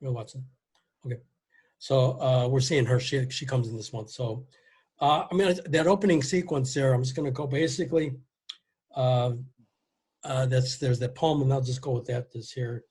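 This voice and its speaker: A man's voice: medium pitch, steady tone, moderate pace, a little mellow, slightly rough. An American man hosting a casual podcast chat, introducing an episode and its cast. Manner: introduces episode details, reads a poem aloud. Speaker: podcast host.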